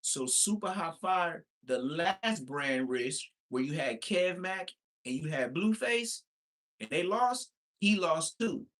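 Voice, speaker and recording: A man live-streaming, reacting with excitement and explaining the backstory to his chat in casual talk. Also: a little high, slow.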